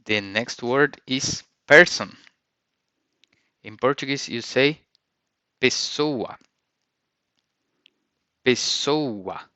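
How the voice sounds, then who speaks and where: Slow, bright-voiced male language teacher. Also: medium pitch, no echo. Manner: says each word and repeats it, careful pronunciation. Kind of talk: vocabulary lesson.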